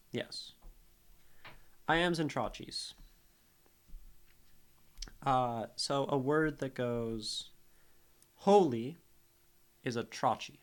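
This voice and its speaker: A man streaming live, slowly thinking aloud as he breaks down a poem, sounding out its syllables. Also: medium pitch, fairly bright tone. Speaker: streamer analyzing poetry. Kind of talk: casual live-stream teaching.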